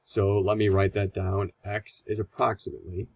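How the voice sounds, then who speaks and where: A man with a low, gravelly voice walks through a math lesson in a relaxed, chatty way. His tone is a little husky, with easy fillers as he explains each step. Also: moderate pace, no room sound, rough recording. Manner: casual, conversational explaining with fillers. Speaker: math teacher.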